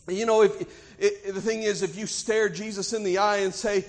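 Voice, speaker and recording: A man's voice: sits high, steady tone, normal speed. A man with a Southern US accent preaching a sermon, telling a story in a folksy, emphatic way and repeating phrases for effect.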